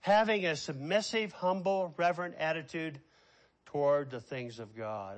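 Male pastor, sermon delivery, slightly high voice, slow stressed phrases with hushed fast asides. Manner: preaching with slow drawn-out emphasis and sudden quiet asides.

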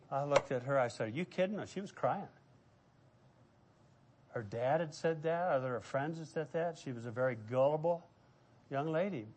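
A man's voice: on the high side, normal speed, pauses often, a little mellow. A middle-aged man preaching a sermon as pastor, telling stories and acting out the voices of people he quotes.

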